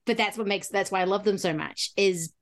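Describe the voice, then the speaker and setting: A woman chatting excitedly about movies, laughing often and tossing in quick asides. Her voice sits at an ordinary middle pitch. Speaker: podcast co-host. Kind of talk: casual movie chat.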